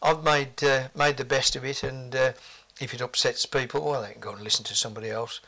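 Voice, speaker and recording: A man's voice: medium pitch, steady tone, a little fast, bright, forceful tone. An older man, reminiscing forthrightly in an interview with blunt asides.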